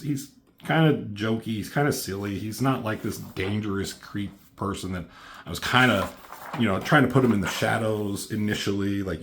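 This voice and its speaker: A man with a lowish voice casually walks through his own comic book, reading bits of dialogue with slight shifts into character. He rambles, using many fillers, and there's a little hiss or hum on the recording.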